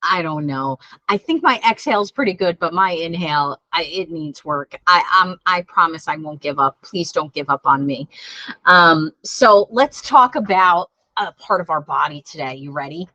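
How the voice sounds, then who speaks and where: A woman teaching children a mindful breathing lesson, gentle and encouraging, laughing at herself when it goes wrong. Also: low-pitched, animated, normal speed, no room sound, lo-fi sound. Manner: gentle, encouraging, self-deprecating. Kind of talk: guided breathing lesson for kids.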